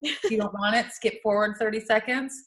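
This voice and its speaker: A woman's voice: mid-range voice, brisk, roomy sound. A woman telling a personal story in casual chat, laughing and acting out what people said. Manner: animated, laughing storytelling with voiced quotes.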